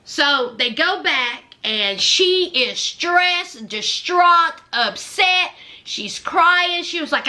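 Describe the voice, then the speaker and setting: Animated high-voiced woman recapping TV. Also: slow. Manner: animated storyteller who acts out quotes; chatty and gushing, with many fillers. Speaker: reality TV recap host. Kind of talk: casual recap commentary.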